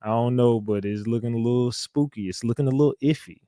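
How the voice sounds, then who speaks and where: A man's voice: mid-range voice, fast, mellow, no echo. Casual livestream host, male, loose slangy banter, dry close mic.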